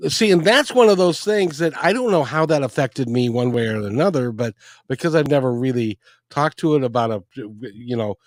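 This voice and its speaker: A man hosting a podcast, speaking in a halting, reflective way about a personal memory. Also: medium pitch, no echo. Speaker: podcast host. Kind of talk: casual personal conversation.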